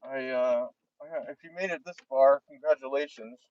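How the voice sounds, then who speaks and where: A man's voice: medium pitch, moderate pace, darkish tone, dry recording. A man from New Jersey with a New Jersey accent, talking in a rambling monologue to camera that is heavily profane and keeps trailing off. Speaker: vlogger. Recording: dull lo-fi dry recording.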